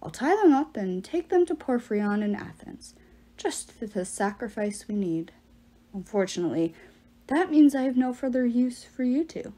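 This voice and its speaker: A woman voicing a menacing giant male ghost who speaks through the mouths of others, slow, cold and gloating. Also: on the high side, very animated, mellow.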